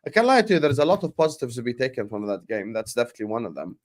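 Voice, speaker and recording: A young man hosting a casual football debate livestream, animated and full of banter and fillers, while fasting. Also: mid-range voice. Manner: animated, banter-heavy, lots of filler phrases. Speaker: football podcast host.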